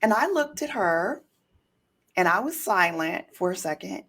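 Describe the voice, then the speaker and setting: A woman hosting an interview podcast, an attorney herself, talking in an emphatic, animated way and telling stories. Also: medium pitch, a little slow. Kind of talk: casual interview chat.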